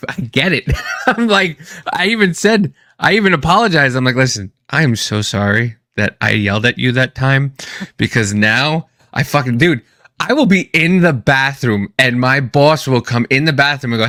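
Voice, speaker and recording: A man co-hosting a podcast, telling stories in a casual, profane, animated way with sudden loud outbursts. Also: mid-range voice, moderate pace, dry recording, studio quality. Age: adult, has an ex-wife. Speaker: podcast co-host. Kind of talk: casual chat.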